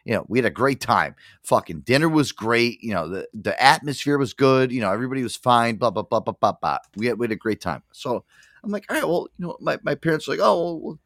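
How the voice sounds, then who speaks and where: A male radio host on a casual rant, swearing freely and stumbling over his own words. His pitch swings widely as he talks, and the sound is close and dry. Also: very animated, fast talker, fairly bright tone, no room sound. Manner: profane, rambling storyteller with many restarts.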